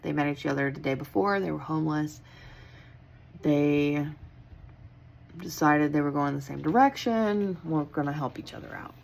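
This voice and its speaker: Gravelly, tired young woman telling a story. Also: deep voice, normal speed, long pauses, a little mellow, slight background noise. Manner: blunt, swears freely, tired and wry. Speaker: hotel worker. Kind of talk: casual storytelling vlog.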